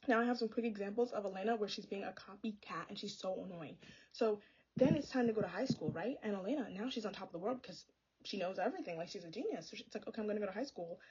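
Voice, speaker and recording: A woman's voice: medium pitch, expressive, quick pace, darkish tone, highs cut off, slight background noise. A young woman ranting about a book in a sassy, exasperated, casual vlog style. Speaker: book vlogger. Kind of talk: casual chatty book review.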